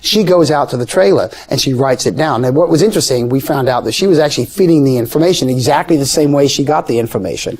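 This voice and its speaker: A man tells a story in a relaxed interview, his voice sitting at a mid pitch. He is animated and brings the people in his tale to life by jumping up in pitch when he quotes them. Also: fast talker, few pauses. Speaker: guest storyteller. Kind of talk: conversational storytelling.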